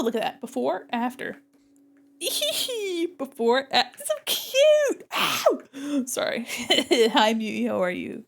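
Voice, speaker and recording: Woman, bubbly and giggly, rambling chat with viewers, fairly high voice, thinking aloud while painting. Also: gravelly. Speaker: streamer painting digital art. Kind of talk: casual live-stream chat while drawing.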